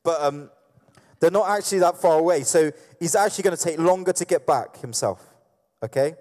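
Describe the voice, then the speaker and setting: A man's voice: fairly high pitch, fairly quick, a little mellow. A man preaching a sermon in a church hall, in a conversational way, with many fillers and restarts, acting out the scenes he describes. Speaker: pastor. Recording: echoey hall reverb.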